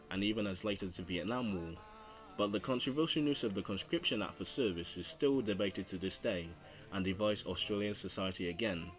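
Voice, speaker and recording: A low-pitched man reads a history narration, then rambles through an earnest, jokey sign-off. Faint music runs quietly under his voice. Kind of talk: read history narration and casual outro.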